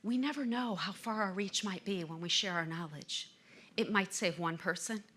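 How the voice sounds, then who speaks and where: A middle-aged woman delivers a motivational stage talk in a bright, clear-edged voice. She tells stories dramatically, building to emphatic swells. Her pitch sits in an ordinary middle range for a woman. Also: normal speed. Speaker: motivational speaker.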